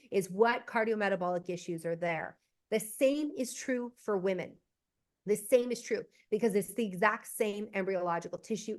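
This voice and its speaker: A woman in her forties, a hormone expert, speaking in an animated podcast conversation, emphatic and laughing often. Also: mid-range voice. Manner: emphatic, explains with frequent "okay?" asides and laughter.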